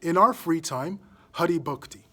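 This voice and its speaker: A man's voice: fairly high pitch, moderate pace, a bit bright. A man doing an innocent, earnest young boy. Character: truthful, calm young boy devotee.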